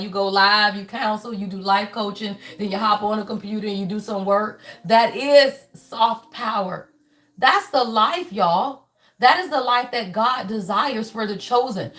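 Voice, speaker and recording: A woman's voice: on the high side, fairly bright tone. A woman in her fifties giving a spiritual reading to her viewers, preachy and emphatic, swearing freely and repeating her points. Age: 50s. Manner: emphatic and preachy, profane, repeats phrases for the audience. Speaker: spiritual reader and life coach.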